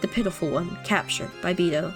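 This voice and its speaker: A woman reading aloud as a cruel, aloof female witch, calm and quietly taunting. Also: on the low side, fairly quick, soft background music, lightly acted. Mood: coolly taunting. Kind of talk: reading game dialogue aloud.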